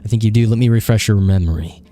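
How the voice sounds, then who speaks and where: A man reading a blunt, deep-voiced cop. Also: quick pace, warm tone, soft background music, close to an everyday voice. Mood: accusing. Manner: blunt, accusatory, pressing questions. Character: stern adult male police detective.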